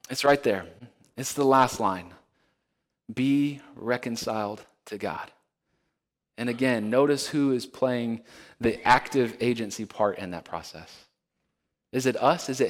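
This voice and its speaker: A male pastor preaching a sermon in an earnest storytelling way, now and then dropping to a hush for emphasis. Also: medium pitch. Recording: long hall reverb.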